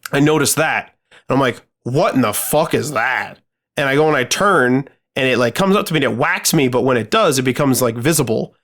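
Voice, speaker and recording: Man, podcast co-host, casual chat, cursing a lot, rambling, mid-pitched voice. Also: lively intonation, fast talker, a bit bright. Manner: profane, rambling storytelling full of fillers.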